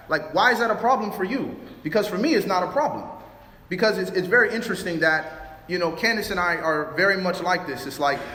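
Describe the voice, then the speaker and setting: Bright high-voiced man telling stories. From Chicago. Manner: animated storytelling, acts out both sides of arguments. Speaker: youth speaker. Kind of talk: relationship talk with personal stories. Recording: roomy hall reverb.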